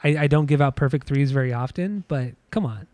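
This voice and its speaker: A man's voice: medium pitch, a little fast, a little mellow, no echo. A man co-hosting a casual podcast, joking and teasing, laughing often. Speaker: podcast co-host. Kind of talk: casual chat.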